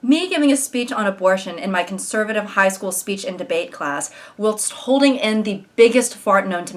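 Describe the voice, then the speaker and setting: A young woman talks through social media posts with dry sarcasm, mocking what she reads. She drops into exaggerated voices to act out the people she roasts. Soft music plays faintly behind her. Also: mid-range voice. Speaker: commentary YouTuber. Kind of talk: comedic commentary reading social media posts.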